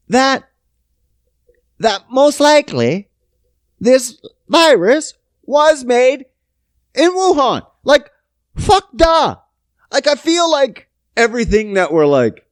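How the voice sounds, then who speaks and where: Profane ranting podcast man, slow and lively. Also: high voice, dry recording, studio quality. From Canada. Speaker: podcast host. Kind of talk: casual solo podcast rant.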